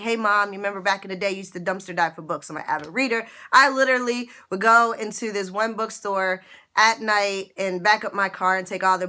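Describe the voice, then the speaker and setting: A woman's voice: mid-range voice, pushed and bright. A middle-aged woman giving an earnest, emotional personal testimony to her viewers, repeating phrases for emphasis. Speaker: online business vlogger.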